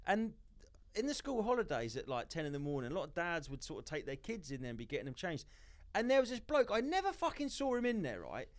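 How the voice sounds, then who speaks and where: A man's voice: fairly high pitch, wildly swooping pitch, fast. A man co-hosting a comedy podcast, ranting in a sweary, conspiratorial way in casual chat recorded in a podcast studio. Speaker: podcast co-host.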